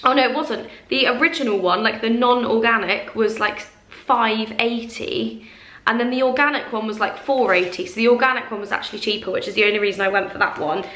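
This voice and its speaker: A woman's voice: fairly high pitch, fairly quick, bright, forceful tone, echoey room. A young woman chatting casually to camera as a vlogger, rambling with plenty of fillers. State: out of breath. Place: small flat kitchen, indoors.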